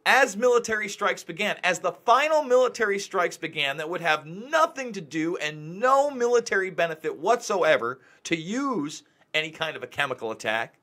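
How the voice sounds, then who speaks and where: A man's voice: sits high, big pitch swings, moderate pace, hardly any pauses, sharp tone. A man hosting a live commentary show, talking in an agitated, ranting way and hammering his points home by repeating them. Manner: agitated, ranting, emphatic repetition. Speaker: news show host.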